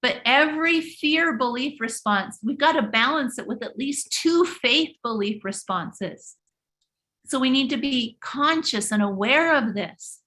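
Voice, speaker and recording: A woman's voice: sits high, expressive, a little slow, pushed and bright. A woman hosting a live motivational talk, speaking emphatically and preachily, often repeating and restarting her words. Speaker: host of a live motivational stream.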